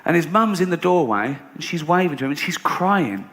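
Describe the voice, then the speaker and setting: A man's voice: a little high, big pitch swings, a little fast, fairly bright tone. A man doing a stand-up comedy set, telling stories in a sardonic, mock-indignant way. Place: theatre stage before a laughing audience. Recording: roomy hall with audience noise.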